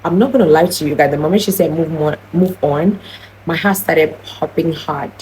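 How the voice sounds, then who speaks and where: A woman's voice: low voice, brisk, darkish tone, slight background noise, low-quality recording. A young woman tells a personal story in an earnest, heated vlog style, often restarting her sentences. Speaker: vlogger.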